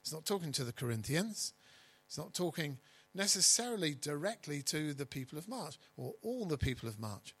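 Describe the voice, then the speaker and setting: A man preaching a sermon as pastor, stressing key words loudly and dropping to quiet asides. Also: fairly high pitch, big pitch swings, normal speed, husky, low-quality recording. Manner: emphatic, swinging between loud stresses and quiet asides.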